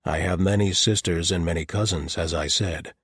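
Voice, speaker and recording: A broad paladin captain speaks in a low, husky voice, as a male narrator plays him. His humor is deadpan and dry, delivered evenly in a close, dry sound. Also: normal speed, dry recording.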